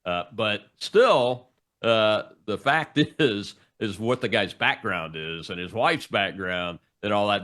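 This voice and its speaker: A man hosting a political talk show, speaking haltingly and filling pauses with "uh". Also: lowish voice, a bit bright. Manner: halting, full of "uh" fillers.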